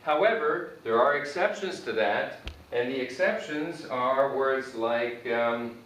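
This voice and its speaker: A male English teacher giving a grammar lesson at a slow, deliberate pace. He spells words out letter by letter and repeats each example as he writes it on a board. His voice comes from a distance in a very echoey room, with faint noise underneath. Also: medium pitch, fairly bright tone. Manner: repeats example sentences while writing on a board.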